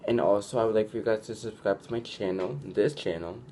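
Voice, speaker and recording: The voice is a young man's, fairly low and warm, moving a little fast. Acting as a vlogger, he gives casual, chatty advice heavy on "like," keeps restarting sentences, and acts out quotes, accompanied by a slight hiss or hum.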